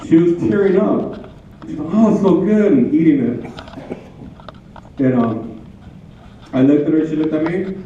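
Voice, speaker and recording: A man's voice: fairly high pitch, animated, unhurried, long pauses, mellow, slight background noise. A man giving a rambling, heartfelt tribute to his late wife, full of anecdotes and repeated phrases. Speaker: widower giving a tribute speech. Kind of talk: personal storytelling speech. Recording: echoey hall, tinny and from far off.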